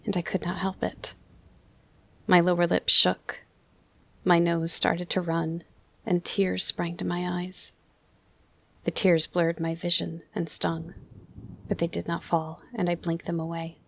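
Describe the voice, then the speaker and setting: A woman narrating an audiobook softly, often dropping into a whisper. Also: lowish voice, monotone, unhurried, vocal fry, pauses often. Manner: soft, often drops to a whisper. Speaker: audiobook reader.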